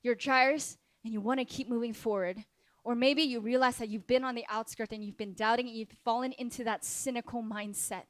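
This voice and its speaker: A woman's voice: a little high, fairly even intonation, fairly quick, dry recording. A woman pastor preaching a sermon in a church, impassioned and repetitive, addressing the congregation directly.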